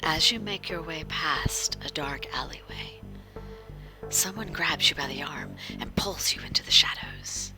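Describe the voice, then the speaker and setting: A woman narrating a tabletop game as whispered role-play, in a low, hushed voice that drifts slowly through lively rises and falls. Music plays behind her. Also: vocal fry. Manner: hushed, suspenseful narration; chats with viewers. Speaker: game master.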